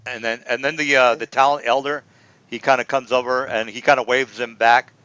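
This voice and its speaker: Rambling game master, muffled recording. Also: male voice, mid-range voice, level tone, fairly quick, sharp tone, smooth, no echo. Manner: rambling, repeats himself, many fillers. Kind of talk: narrating a tabletop game. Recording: dull lo-fi recording.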